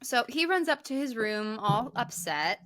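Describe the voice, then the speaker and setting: A woman co-hosting a podcast, recapping a movie in animated casual chat, swearing freely and using lots of "like". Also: fairly high pitch, unhurried, no room sound. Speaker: podcast co-host.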